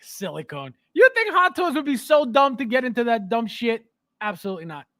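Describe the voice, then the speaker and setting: Hosting a laid-back livestream, this man speaks in an extremely high, sing-song pitch at a moderate pace, his tone a bit bright. He reads the chat out loud, laughs frequently, and rants about his hobby in a blunt, emphatic way.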